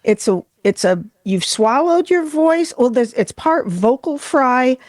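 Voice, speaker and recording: A woman from western New York hosting a podcast in casual chat, animated and slipping into voices as she tells stories. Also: high voice, a little slow, no room sound, clean studio sound. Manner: animated, slips into voices when telling stories. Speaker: podcast host.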